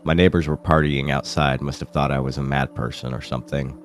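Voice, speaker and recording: Very deep-voiced man, sick and rough. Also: fairly even intonation, a little fast, faint music behind. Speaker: horror channel host. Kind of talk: first-person horror story narration.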